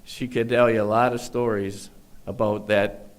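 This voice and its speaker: A man from Michigan in the United States speaks at a podium mic in a large room, giving a ceremonial graduation address to a police academy class. He tells stories earnestly, repeats points for emphasis and adds wry asides. His voice is fairly low with little pitch movement, at a normal speed.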